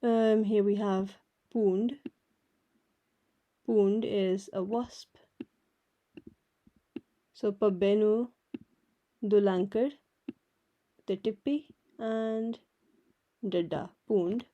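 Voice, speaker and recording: Patient woman teacher, unhurried delivery, soft mellow tone, repeats each word. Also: mid-range voice, fairly even intonation, highs cut off. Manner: patient, explains each letter and repeats words slowly. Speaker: language teacher. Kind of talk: slow step-by-step alphabet lesson.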